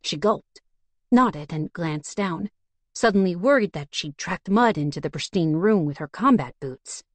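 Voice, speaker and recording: A woman narrating a fantasy audiobook in a steady storytelling manner. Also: on the low side, measured pace, dry recording. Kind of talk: scripted narration.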